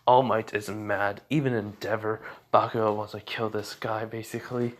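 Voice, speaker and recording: A man's voice: on the low side, flat delivery, normal speed. A man narrating an improvised fan story, rambling with many fillers and restarts.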